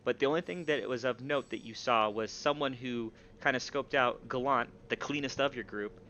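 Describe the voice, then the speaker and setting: A man's voice: mid-range voice, normal speed, bright, forceful tone, muffled recording, slight background noise. A man narrating as game master of a tabletop game, rambling with fillers and restarts.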